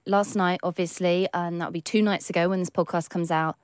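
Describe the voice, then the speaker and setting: A young woman, a podcast co-host, telling gossip in an animated way and acting out quotes. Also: on the low side, a little fast, clear, resonant tone, no room sound, studio quality. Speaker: news director, podcast co-host. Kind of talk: casual chat.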